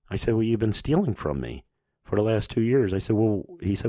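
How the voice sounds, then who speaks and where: A man's voice: on the low side, sing-song, brisk, dark tone, dry recording, studio quality. A middle-aged man hosting a podcast, telling a story in a casual way and acting out both sides of the conversations. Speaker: business owner hosting a podcast.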